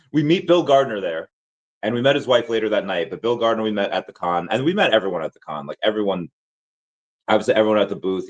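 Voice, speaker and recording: A man with a hoarse, worn-out voice, chatting casually and rambling with many restarts and fillers as a crypto vlogger. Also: low-pitched, highs cut off. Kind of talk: casual chat.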